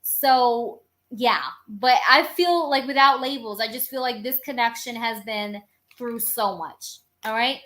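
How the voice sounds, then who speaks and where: Bright, chatty woman doing tarot readings. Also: high-pitched. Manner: chatty and informal, with casual cursing; rambling, with many filler phrases. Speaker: tarot reader. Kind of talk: live-streamed tarot reading to viewers.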